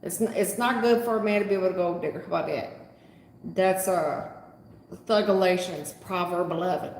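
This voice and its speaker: A woman's voice: on the low side, moderate pace, a little mellow, slight background noise. A woman giving a live tarot reading, sarcastic and scolding in a folksy way. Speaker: tarot reader. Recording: echoey room with long reverb.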